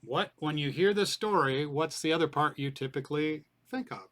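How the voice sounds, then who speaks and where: A man's voice: on the high side, moderate pace, a bit bright. A man leading a group Bible study, explaining in a conversational way and putting questions to the group.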